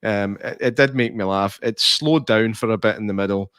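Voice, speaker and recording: A man's voice: on the low side, normal speed, a bit bright, clear, resonant tone, dry recording, clean studio sound. A man co-hosting a casual podcast, joking and laughing easily as he reviews a film. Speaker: podcast co-host. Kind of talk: casual movie review chat.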